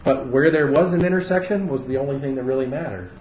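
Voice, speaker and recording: A man leading a casual Bible study lesson, explaining slowly and thinking aloud with fillers and restarts. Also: mid-range voice. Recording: echoey room, dull sound, faint hiss.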